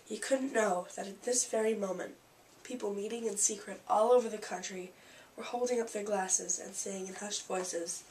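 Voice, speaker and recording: A woman's voice: mid-range voice, steady tone, normal speed, darkish tone. A woman reading a novel aloud in a casual home-reading way, with small slips and asides. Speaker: audiobook reader. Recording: slightly distant mic with faint hiss.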